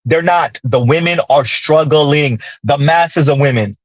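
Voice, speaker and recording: Man, thirties, high voice, dry close sound, animated sarcastic commentary. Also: unhurried, no echo, dull audio. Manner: animated, ranting, sarcastic asides. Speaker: commentary channel host. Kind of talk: casual commentary monologue.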